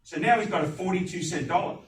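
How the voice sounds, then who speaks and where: A man giving a live sales pitch at a business networking meeting, animated and putting questions to the audience. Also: quick pace, slight background noise. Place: meeting room. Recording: echoey room, distant mic.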